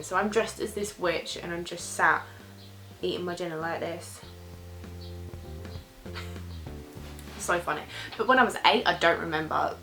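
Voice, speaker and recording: A woman's voice: fairly low pitch, vocal fry, sharp tone, rough recording. A young British woman chatting casually as she answers viewer questions in a vlog, rambling and sometimes losing her train of thought.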